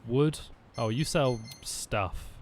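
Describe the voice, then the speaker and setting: A man's voice: mid-range voice, slow pace, a little hiss or hum. A man streaming a video game, chatting casually and rambling through jokey asides as he plays. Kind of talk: casual gameplay commentary.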